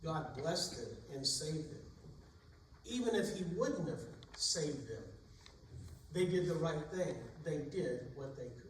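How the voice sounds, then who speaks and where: A man's voice: fairly high pitch, a little mellow, a little hiss or hum. A man preaching a sermon in a church, retelling Bible stories in plain everyday speech. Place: church sanctuary. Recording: echoey room, distant mic.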